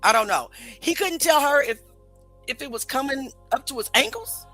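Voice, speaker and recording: A woman hosts a live stream with a bright voice. She talks skeptically, puts questions to her viewers and reads their comments aloud. Faint music plays behind her. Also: sits high, expressive, moderate pace, rough recording. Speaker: host.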